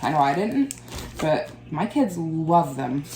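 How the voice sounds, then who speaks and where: A woman's voice: deep voice, very animated, slow pace, background noise. A woman in her thirties chatting casually to the camera in a vlog, rambling and laughing often. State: out of breath. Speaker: vlogger.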